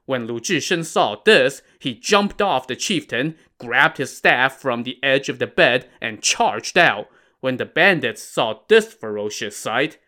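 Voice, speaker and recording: A man's voice: mid-range voice, pushed and bright. A man narrating a classic tale in a casual, wry style with modern slang. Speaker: storyteller.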